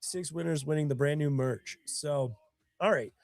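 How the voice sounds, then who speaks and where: A man's voice: fairly high pitch, moderate pace, creaky, no room sound. A man with bronchitis, sniffling as he hosts his own live stream in casual chat. He tells stories earnestly and emotionally, with a lot of rambling.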